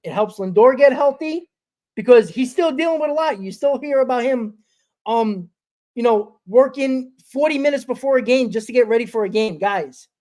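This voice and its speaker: A man hosting a sports fan show from his small home studio, ranting fast and excitedly, swearing and repeating himself. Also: extremely high pitch. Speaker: host. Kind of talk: excited postgame fan rant.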